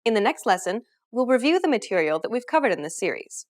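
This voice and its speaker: A woman teaching a scripted pronunciation lesson, explaining clearly and upbeat, modeling example words. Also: a little high, big pitch swings, fast. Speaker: language teacher.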